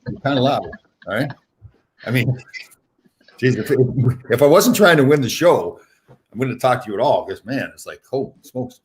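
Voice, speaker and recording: A man's voice: medium pitch, big pitch swings, normal speed, pauses often. A man hosting a casual chat, teasing his guest with dry jokes. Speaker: host.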